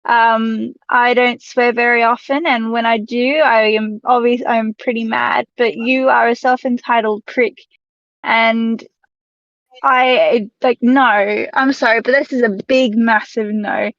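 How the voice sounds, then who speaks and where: A woman's voice: fairly high pitch, flat delivery, unhurried, fairly bright tone, no room sound, muffled recording. Indignant Australian woman on a call. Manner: indignant, emphatic. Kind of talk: casual chat.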